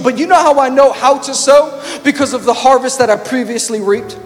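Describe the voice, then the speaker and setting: A man preaching a sermon with passion, shouting at times and firing rhetorical questions at the congregation. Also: extremely high pitch, brisk, few pauses. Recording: long hall reverb with music underneath.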